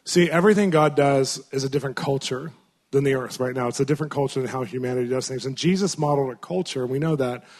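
A man's voice: medium pitch, quick pace. A man preaching a conversational sermon to a conference crowd, telling stories and acting out the people he quotes. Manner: storytelling, acts out quoted voices, rising to loud bursts; conversational with fillers.

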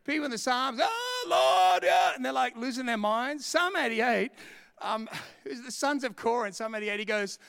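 A man's voice: extremely high pitch, fairly quick, gravelly, bright, forceful tone, clear, resonant tone, big-room sound. A man preaching a sermon in church, telling stories with humor and laughing often. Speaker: pastor.

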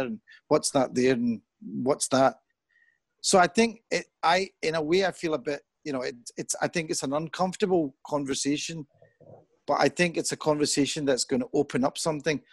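A middle-aged man talking in an earnest, thoughtful way as an interview guest. He grows animated when he quotes other people. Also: fairly high pitch, no room sound. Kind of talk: reflective conversation.

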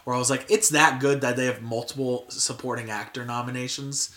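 Bright-voiced young man hosting a podcast. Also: mid-range voice, steady tone, a little fast. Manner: filler-heavy, frequent "like" and restarts. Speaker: podcast host. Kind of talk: casual chat.

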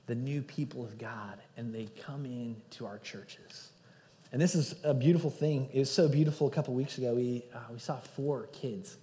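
Man preaching in a reverberant church. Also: medium pitch. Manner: earnest preaching with swings from loud emphasis to hushed. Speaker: pastor. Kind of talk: sermon. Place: church sanctuary. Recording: hall reverb.

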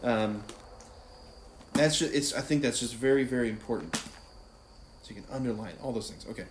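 Speaking as a priest, a man gives a casual, conversational teaching on prayer, sprinkling in plenty of "like" and "right?" His medium-pitched voice moves at normal speed with long pauses, in an echoey room with faint background noise.

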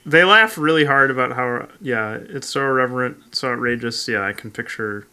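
A man co-hosting a casual comedy podcast, talking in a relaxed way that trails off into quieter asides. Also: mid-range voice, moderate pace, clean tone. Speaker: podcast co-host.

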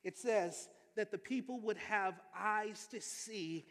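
A male pastor preaching a sermon with energetic, emphatic delivery and calls for amens to the congregation. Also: sits high, takes it slowly. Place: church sanctuary. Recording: long hall reverb.

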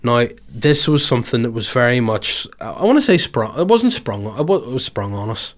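Animated podcast host. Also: male voice, medium pitch, a little fast. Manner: animated, jokey, swings loud and soft. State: hoarse after covid. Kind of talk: casual podcast chat.

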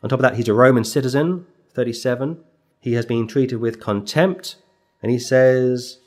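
A man preaching an expository sermon, stressing words and pausing for effect as he reads out verse numbers. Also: medium pitch, a little mellow. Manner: emphatic, with slow dramatic pauses.

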